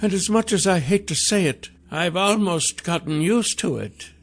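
A man's voice: sits high, expressive, normal speed, pitched above the performer's own voice. A man voicing a soothing, ageless robed woman. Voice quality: warm, soothing. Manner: gentle, coaxing. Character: tall mysterious woman in black robes, over a hundred, soothing.

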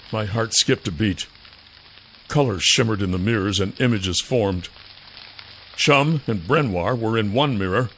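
Bright, unhurried male narrator. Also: on the low side, slight background noise. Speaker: audiobook narrator. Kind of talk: first-person fantasy narration.

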